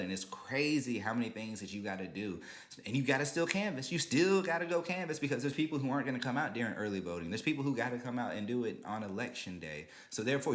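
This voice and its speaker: A man hosting a podcast, telling a story in a casual, animated, slangy way and talking straight to his listeners. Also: on the low side, echoey room. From Georgia, US. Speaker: podcast host.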